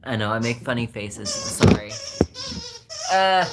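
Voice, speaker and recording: A woman's voice: a bass voice, wildly swooping pitch, measured pace, heavy background noise. A woman vlogging at home, chatting to her camera and teasing and training her dog in a playful, laughing way. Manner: teasing baby-talk to the dog, often laughing. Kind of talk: casual chat while playing with and training a dog. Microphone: handheld camera.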